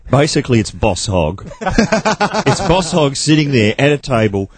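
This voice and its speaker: A man's voice: medium pitch, expressive, moderate pace. A man hosting a comedy radio show, joking, telling anecdotes and laughing often. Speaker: radio host.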